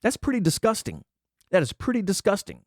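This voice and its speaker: A man's voice: high-pitched, big pitch swings, fairly quick, darkish tone, no echo, clean studio sound. Ranting man with a swooping voice. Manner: indignant ranting, reads out items and mocks them. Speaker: commentary channel host. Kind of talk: angry political commentary.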